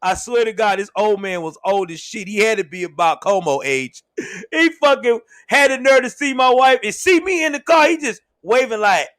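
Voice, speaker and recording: A young man hosting a livestream, telling a story in a casual, laughing, animated way. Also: high-pitched, normal speed, no echo. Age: young adult. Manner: laughs often, animated, swears freely. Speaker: show host.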